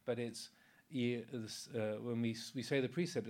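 Chuckling often and leaning on fillers, a monk in his sixties shares a laid-back, story-filled Dharma talk. His pitch is medium and his speed normal.

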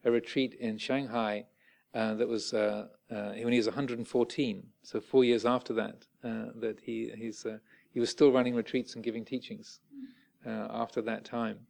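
Creaky-voiced monk giving a talk. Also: male voice, medium pitch, flat delivery, a little mellow. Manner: halting, many fillers and restarts. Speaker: Buddhist monk teacher. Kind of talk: dharma talk.

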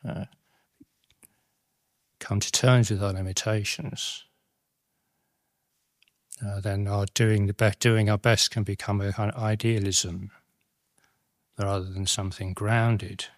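A middle-aged man giving a Dhamma talk as a Buddhist monastic teacher, reflective and halting, with many restarts and tag questions. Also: fairly low pitch, little pitch movement, dry recording, studio quality.

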